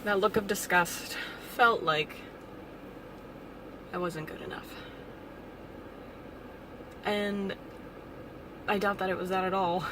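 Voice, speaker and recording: A young woman vlogging alone, talking in a halting, reflective way with nervous little laughs, emotional and close to tears. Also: mid-range voice, steady tone, background noise. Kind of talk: personal vlog monologue.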